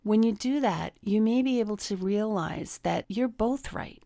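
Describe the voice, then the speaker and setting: A middle-aged woman hosts a self-help talk on relationships, with a gravelly, creaky edge to her voice. She teaches through personal anecdotes and acts out the people she quotes. The sound is dry and close, with no room echo. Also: mid-range voice, unhurried, dark tone. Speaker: relationship coach, podcast host.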